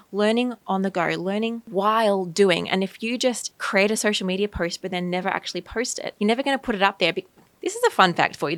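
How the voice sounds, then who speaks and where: Woman, australian accent, thirties, quick energetic podcast host, encouraging, dry close recording. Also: medium pitch, dry recording. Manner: energetic, emphatic, encouraging coach. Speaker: podcast host, graphic designer. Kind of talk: casual solo podcast talk.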